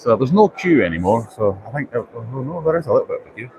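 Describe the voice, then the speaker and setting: Fast-talking and lively in intonation, a man with a mid-range voice hosts a live walkaround of a busy indoor trade show. He rambles chattily and self-deprecatingly as he thinks aloud, surrounded by noisy hall ambience and crowd chatter.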